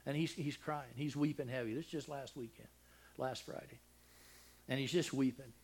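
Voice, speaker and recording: An older man preaching a sermon, telling a personal family story with deep feeling, dropping to a hush and then rising loud, with many restarts. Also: steady tone, moderate pace, vocal fry, husky. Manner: emotional, swings from loud and high to hushed and soft; rambling with frequent restarts.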